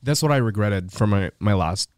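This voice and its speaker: A man's voice: fairly low pitch, expressive, moderate pace, darkish tone, no echo. A man chatting as a podcast co-host, agreeing readily with short affirming replies. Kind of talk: casual chat.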